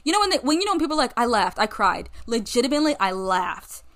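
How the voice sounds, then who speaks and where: Chatty young American woman, slightly high. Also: sing-song, fast, a bit bright. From United States. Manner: chatty, rambling, enthusiastic. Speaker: podcast host. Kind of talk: casual solo movie review chat.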